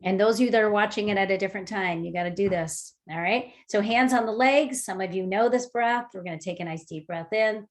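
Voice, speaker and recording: A woman on a video call leading a mindfulness workshop, guiding breathing and movement exercises in a lively, chatty way with frequent fillers. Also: mid-range voice, fairly quick, hardly any pauses.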